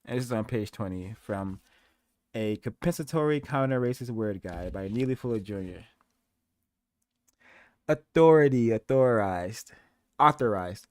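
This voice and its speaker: A man's voice: lowish voice, moderate pace, a little mellow, no room sound, clean studio sound. A man hosting a commentary program, speaking in an earnest, emphatic way. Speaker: host.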